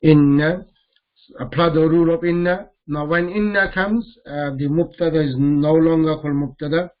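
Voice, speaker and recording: A man teaching a grammar lesson, repeating each Arabic term slowly as he mixes it into English explanations. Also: a little high, fairly even intonation, phone-quality sound.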